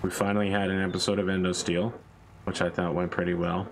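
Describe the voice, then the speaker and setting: A deep-voiced man hosts a game stream, tossing off jokes and tangents in loose casual chat. His talk wanders and restarts, and a faint hum sits in the background. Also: little pitch movement, fast, creaky, poor audio. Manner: joking, rambling banter with restarts.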